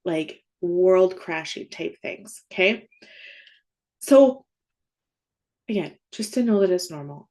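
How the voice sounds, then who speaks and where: Woman in her 30s, grief coach host, slightly low pitch, chatty teaching tone full of "like" and "right?". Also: darkish tone. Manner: conversational, frequent "like" and "right?" check-ins. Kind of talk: casual spoken podcast teaching.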